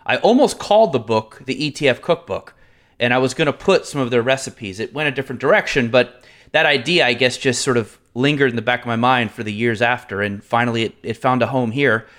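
A man co-hosting a podcast, telling stories in a chatty, animated way with fillers. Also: mid-range voice, brisk. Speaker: podcast co-host. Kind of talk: casual podcast chat.

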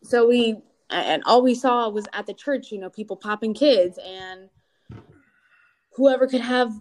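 A young adult woman guest in an interview, telling a painful family story with animated delivery and acted-out quotes of other people. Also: fairly high pitch, unhurried. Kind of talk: candid personal interview.

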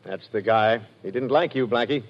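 A man's voice: medium pitch, moderate pace, lightly acted. An actor playing a smug, sarcastic male police inspector in a 1940s radio drama, dry and commanding. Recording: dull old radio recording.

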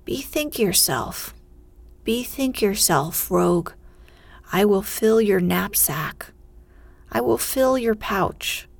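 A woman doing a hoarse mocking mountain spirit. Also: medium pitch, animated, slow, dry recording, heavily acted. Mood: pleading. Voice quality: hoarse, grating. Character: shaggy bearded male mountain spirit, mocking, tempting. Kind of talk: whispered storytelling.

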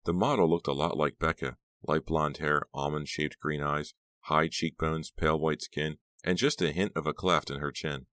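Male narrator, very deep voice, measured storytelling, dry close recording. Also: fairly even intonation, a bit bright, no echo. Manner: measured storytelling, voicing all characters. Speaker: audiobook narrator. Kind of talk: scripted narration.

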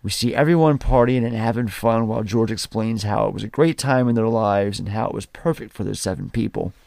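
A man's voice: lowish voice, brisk, gravelly, darkish tone, no room sound. A man hosting a casual film podcast, recapping scenes and swearing casually. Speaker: podcast host.

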